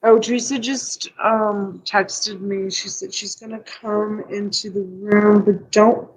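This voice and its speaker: A woman's voice: medium pitch, little pitch movement, takes it slowly, breathy edge, low-quality recording. A woman hosting a casual live stream, emotional and tearful, rambling and reading out viewer comments.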